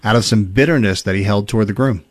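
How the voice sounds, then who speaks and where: A man's voice: on the low side, fast. A man hosting a casual chat, reading listener stories aloud in an easygoing way, with chuckles and fillers. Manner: relaxed storytelling with fillers and chuckles.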